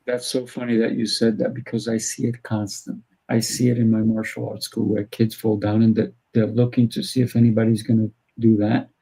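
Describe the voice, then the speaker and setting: A man's voice: fairly low pitch, level tone, fairly quick, gravelly, few pauses, warm tone, slightly rough, poor audio. A man hosting an interview, talking in a firm coaching way and acting out little exchanges with kids. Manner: firm, coaching tone, acts out dialogue. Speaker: host and martial arts teacher. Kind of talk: casual interview chat.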